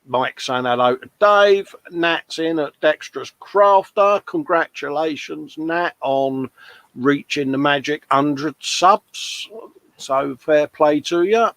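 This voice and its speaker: A man's voice: a little high, takes it slowly, a bit bright, dry recording. A man hosting a casual livestream, reading out viewers' comments with chatty, matey banter. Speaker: livestream host.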